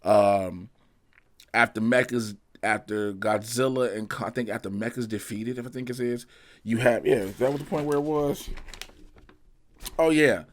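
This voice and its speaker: A man's voice: mid-range voice, moderate pace. Slangy, profane man reviewing a movie. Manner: animated, profane, slangy storytelling. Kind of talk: casual spoken review.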